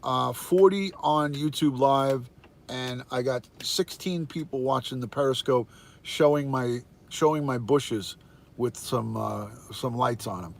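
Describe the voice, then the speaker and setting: A man's voice: medium pitch, measured pace, vocal fry. An older American man hosting a casual live stream from his phone, cheerfully greeting viewers by name and calling out the viewer count. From United States. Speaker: livestream host, retired detective.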